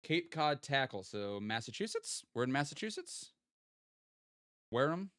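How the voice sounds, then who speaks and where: A man live-streaming a geography game, chatting casually as he reasons out each location. His pitch leaps around animatedly, and he ribs his viewers with playful banter. The sound is dry and close. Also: sing-song, normal speed, a bit bright, no echo. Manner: thinks aloud, playful teasing of chat.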